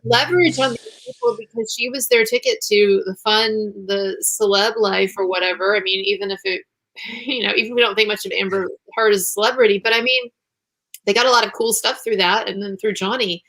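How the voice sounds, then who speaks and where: A woman's voice: mid-range voice, brisk, fairly bright tone, low-quality recording. A woman guest on a casual livestream, talking in an exasperated, scornful way with many fillers.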